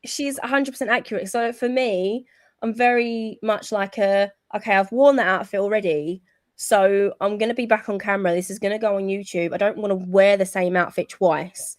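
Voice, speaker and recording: A woman's voice: mid-range voice, fairly even intonation, moderate pace, dry recording, clean studio sound. A woman with a British accent, a wrestler guest chatting casually in an interview and laughing easily. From United Kingdom.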